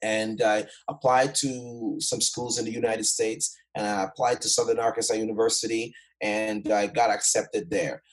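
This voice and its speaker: A man's voice: fairly low pitch, steady tone, moderate pace, hardly any pauses, rough recording. A man from Jamaica, a guest speaker, tells his life story in a conversation with energy and emphasis, often checking in with the listener.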